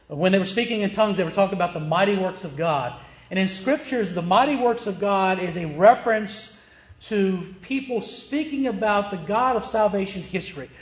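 A pastor from the American South, speaking with a Southern accent, preaches a sermon in a plain, emphatic teaching style and asks his listeners questions. His voice is high-pitched, and the sound is roomy.

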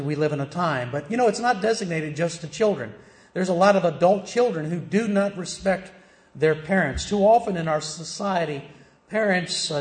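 A middle-aged man preaches in a relaxed, conversational way, throwing questions out to the congregation. His voice sits a little high for a man and rings through a reverberant church. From American South. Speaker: pastor. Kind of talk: sermon. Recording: echoey church hall.

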